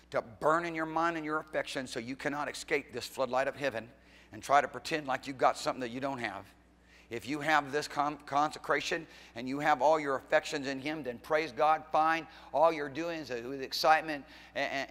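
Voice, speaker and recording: A middle-aged man preaching a fiery church sermon as pastor, swinging from loud exhortation to quiet asides and teasing questions. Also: fairly high pitch. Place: church sanctuary. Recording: long hall reverb in a church.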